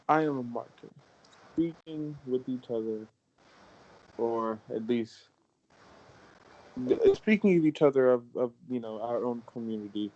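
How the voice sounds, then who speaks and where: A man speaks very slowly and earnestly as a player in a tabletop game, stumbling through his lines. His voice is dark and mellow, and the recording sounds dull and lo-fi. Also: mid-range voice. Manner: halting, earnest.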